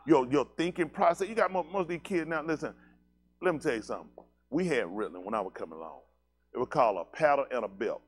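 A man preaching to his congregation in a blunt, animated, conversational way, using slangy speech, asking listeners questions, and often laughing. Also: medium pitch, fast talker, husky. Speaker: pastor.

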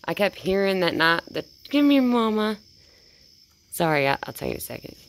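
Low-voiced woman cooing softly. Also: fast talker, vocal fry. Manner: coos softly and praises, baby-talk tone. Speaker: vlogger. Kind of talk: casual talk to a wild animal.

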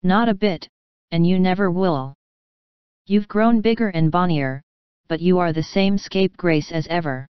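A woman's voice: fairly low pitch, smooth, no room sound, muffled recording, natural voice. A woman doing a frank, teasing young woman. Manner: brisk, affectionate teasing.

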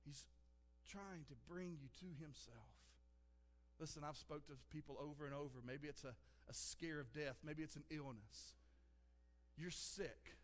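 A man's voice: on the high side, a little slow. A man preaching a sermon as a pastor, earnest and conversational, repeating "listen" to press his points. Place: church sanctuary. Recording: long hall reverb.

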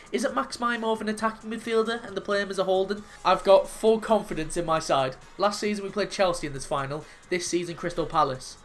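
A man's voice: sits high, a bit bright. A man talks over his own football video game as he plays. His commentary is emotional and full of swearing, and it spills into rants when things go wrong. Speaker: gaming YouTuber.

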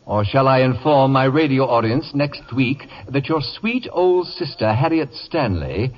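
An actor playing a pompous, sardonic male radio celebrity in a 1950s radio play, with a slightly raspy, theatrical delivery, on a dull vintage broadcast recording. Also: mid-range voice, lively intonation, a little slow. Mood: sly.

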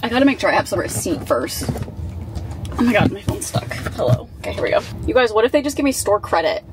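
A woman's voice: mid-range voice, big pitch swings, fairly quick. A young woman vlogging casually, telling a storytime with lots of "like" fillers. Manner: chatty, filler-heavy with frequent "like". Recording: echoey room with faint ambient noise.

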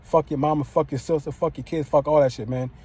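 A male preacher gives an informal sermon in a rapid, rolling delivery. His voice is husky and dark in tone. He talks in a rough, profane street manner and keeps peppering his lines with "man". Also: a little high, steady tone. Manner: profane street-style preaching, constant "man" and "you know what I'm saying".

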